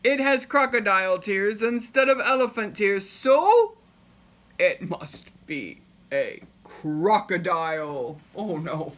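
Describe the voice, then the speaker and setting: A woman reading a picture book aloud with expressive delivery and chatty asides. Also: mid-range voice, slow pace. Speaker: storybook reader.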